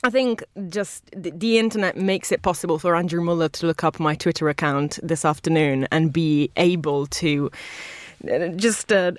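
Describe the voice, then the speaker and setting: A woman's voice: lowish voice, no echo. Thoughtful woman panelist, dry studio. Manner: thoughtful, hesitant with fillers. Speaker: panel guest. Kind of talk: radio panel discussion. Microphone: studio microphone.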